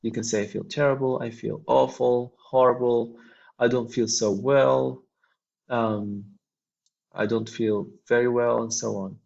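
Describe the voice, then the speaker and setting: Male English teacher, gravelly voice, reads examples then explains slowly with fillers; muffled lo-fi sound. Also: medium pitch, fairly even intonation, darkish tone. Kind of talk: explaining a textbook dialogue. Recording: dull lo-fi recording.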